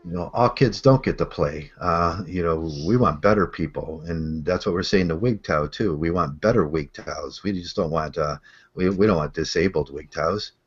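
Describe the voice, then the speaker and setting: A man's voice: deep voice, moderate pace, husky. A man hosting a casual online chat, rambling along with many fillers and restarts. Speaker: show host. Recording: slightly muffled call audio.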